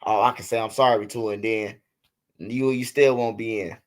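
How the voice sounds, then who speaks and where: A man's voice: lowish voice, steady tone, normal speed. Profane, rambling man chatting on stream. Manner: loose, profane storytelling. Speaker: livestream host. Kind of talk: casual livestream chat.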